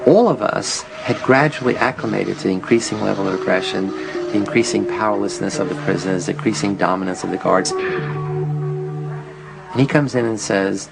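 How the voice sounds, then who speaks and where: A man's voice: on the low side, normal speed, creaky, noisy background. An older man recalling past events in a documentary interview, telling the story vividly and acting out what people said. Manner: animated storytelling, acting out quotes. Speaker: lead researcher interviewee.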